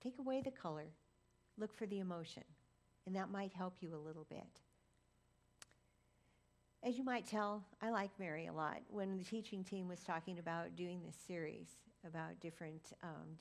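A woman's voice: fairly low pitch, gravelly. A woman preaching a sermon, telling a personal story with dry, humorous asides. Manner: recites Latin prayer.

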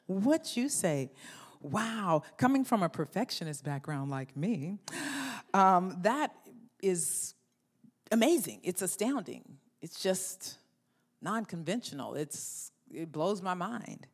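A woman pastor preaching a sermon, lively, acting out inner voices and leading the congregation in call-and-response. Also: fairly low pitch, slow pace.

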